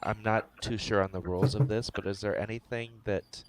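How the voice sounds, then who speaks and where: A man playing in a tabletop role-playing game, asking halting, unsure questions. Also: lowish voice, fairly even intonation, heavy background noise. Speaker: player.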